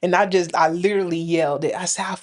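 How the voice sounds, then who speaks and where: A woman's voice: fairly low pitch, fairly even intonation, fast, a little mellow. A woman from the Indianapolis area co-hosting a podcast, talking frankly and colloquially in casual chat. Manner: frank, colloquial, laughs while telling stories. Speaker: podcast co-host.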